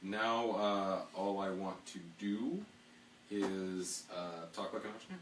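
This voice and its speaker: A man's voice: low-pitched, lively intonation. Man hosting a live stream, roomy sound. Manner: slides into a fast auctioneer patter as a joke. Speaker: podcast host. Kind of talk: casual live-stream chat. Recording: echoey room, mic at a distance, faint hum.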